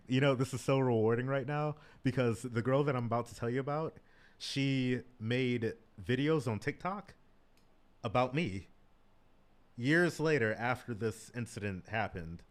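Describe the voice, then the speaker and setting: A man's voice: mid-range voice, a little slow. A man in his thirties telling stories as a guest in a casual chat. He swears freely and often says "like" and "bro". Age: 30s.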